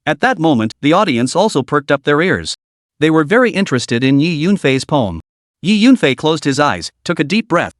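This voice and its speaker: Lively male comic-recap narrator. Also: fairly high pitch, dry recording, studio quality.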